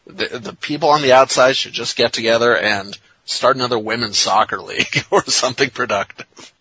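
Husky-voiced man in wry sports chat. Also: mid-range voice, sharp tone, highs cut off. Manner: rambling, halting, wry. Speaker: soccer podcast co-host. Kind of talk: casual sports talk.

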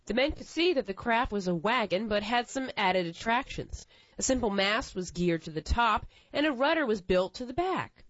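A woman's voice: a little high, lively intonation, normal speed, no room sound, dull audio. A woman reading a tall tale aloud as storyteller, in a lilting way.

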